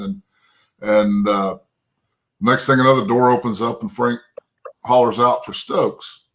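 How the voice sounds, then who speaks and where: A man's voice: medium pitch, moderate pace, poor audio. A man in his fifties from Texas, a former pro football lineman telling rambling, folksy anecdotes as an interview guest, often tagging "right?" and "you know". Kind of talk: interview storytelling.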